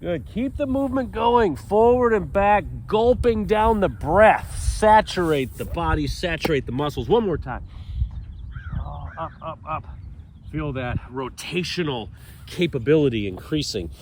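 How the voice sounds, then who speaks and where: A man in his fifties leading a morning stretch outdoors, upbeat and jokey, a little stuffy and clearing his throat now and then. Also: on the high side, lively intonation, moderate pace, darkish tone, a little hiss or hum. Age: 50s. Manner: upbeat, jokey, cues movements while doing them. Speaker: fitness coach. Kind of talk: guided stretching instruction. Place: outdoors on a mat on grass.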